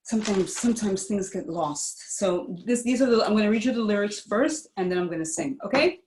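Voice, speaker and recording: A woman from Dominica, a guest performer, chatting over a video call in a lively, quick manner and reading out her lyrics. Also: mid-range voice, slight background noise. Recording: echoey room on a video call.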